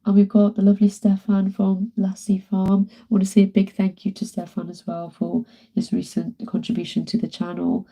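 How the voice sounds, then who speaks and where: A woman's voice: mid-range voice, flat delivery, normal speed, few pauses, warm tone. A woman with a British accent, chatting casually to viewers on a live stream from home while she paints, greeting and thanking them by name. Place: at home, indoors.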